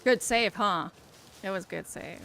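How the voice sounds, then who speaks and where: A woman's voice: medium pitch, a little slow, gravelly, a bit bright, slight background noise. A woman streamer chatting casually while she plays, teasing her friend and swearing freely. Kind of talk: casual live-stream chat while gaming.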